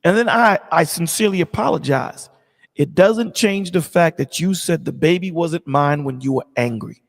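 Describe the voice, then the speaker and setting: A man's voice: a little high, moderate pace, gravelly, in a large hall. A man in a casual discussion, talking emphatically and repeating his points like a preacher. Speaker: stream co-host.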